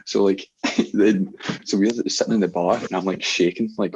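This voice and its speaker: A young man with an Ayrshire Scottish accent telling laughing, animated stories in casual podcast chat. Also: sits low, normal speed, muffled recording, slight background noise. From Scotland. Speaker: podcast guest, DJ.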